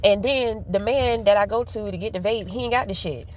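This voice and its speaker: Woman vlogging from a car, loose profane rambling, clear road noise behind her. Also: mid-range voice, fairly quick. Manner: candid, profane, rambling storytelling. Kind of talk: casual chat while driving. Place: inside a car.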